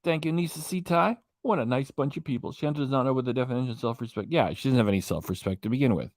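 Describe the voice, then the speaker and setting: A man's voice: medium pitch, very fast, a little mellow, no room sound, clean studio sound. A man hosting a reaction channel, giving rambling, mocking casual commentary on a clip. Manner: mocking, rambling, loses his train of thought.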